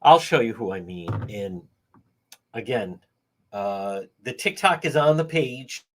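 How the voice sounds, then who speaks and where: A man's voice: mid-range voice, animated, slow. A man hosting a livestream, talking heatedly and indignantly to his viewers and greeting them by name. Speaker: livestream host.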